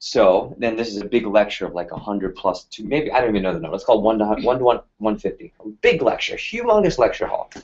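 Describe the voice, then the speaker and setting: Low-voiced man leading a sales workshop. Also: fast, few pauses. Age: 30s. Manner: energetic, casual, full of rhetorical questions to the room. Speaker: sales team leader running a workshop. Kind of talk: motivational workshop talk. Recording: slightly muffled lo-fi sound.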